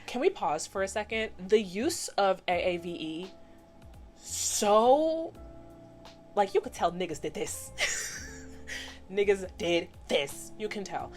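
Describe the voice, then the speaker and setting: Animated woman in her twenties recapping a cartoon. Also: mid-range voice, takes it slowly, long pauses, faint music behind. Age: 20s. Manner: animated, chatty, acts out characters in voices. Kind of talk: casual commentary recap.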